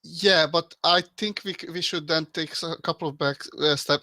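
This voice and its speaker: Urgent bright-voiced male gamer. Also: a little high, steady tone, normal speed, few pauses, no room sound. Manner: urgent, stumbling, swears freely. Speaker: player. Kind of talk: casual tabletop play.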